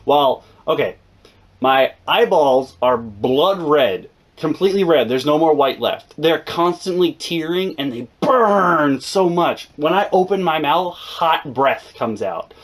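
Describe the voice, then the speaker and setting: A young American man telling a comedic story for his channel, animated and sarcastic, jumping from loud outbursts to quiet asides. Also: fairly high pitch, slow pace. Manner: animated, sarcastic, swings between loud and mumbled.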